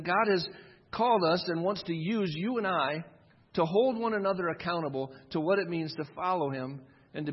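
Husky-voiced man preaching in a reverberant hall. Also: on the high side. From United States. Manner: earnest, conversational preaching with quick asides. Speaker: pastor. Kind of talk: sermon. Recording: dull sound with long hall reverb.

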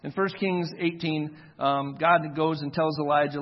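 Recorded in an echoey hall with dull lo-fi audio, this pastor in his forties gives a casual, conversational sermon and acts out the quoted voices in his story. He speaks slightly slowly with barely any pauses, in a somewhat high voice with fairly even intonation.

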